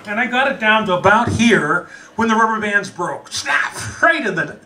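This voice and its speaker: A self-mocking American man tells a funny story with lots of animation, his voice high and bright. He sounds a little far from the mic, with a faint murmur of room noise behind him. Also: lively intonation, moderate pace. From United States. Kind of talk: live comic storytelling.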